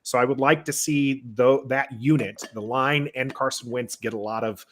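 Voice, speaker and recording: A man's voice: medium pitch, fairly even intonation. Joking male sports panelist. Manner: loose, joking, halting restarts. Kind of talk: casual sports chat.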